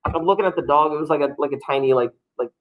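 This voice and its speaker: A man's voice: fairly high pitch, racing, low-quality recording. A man, a teacher talking loosely and jokingly to his class in a classroom. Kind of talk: classroom talk to students.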